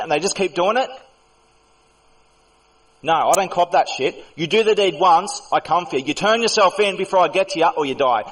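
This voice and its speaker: A man's voice: fairly high pitch, fast, fairly bright tone, far from the mic, rough recording. A man hosting a heated voice-chat debate, talking in an insistent, lecturing, argumentative way. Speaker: voice chat server host. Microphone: computer mic in voice chat.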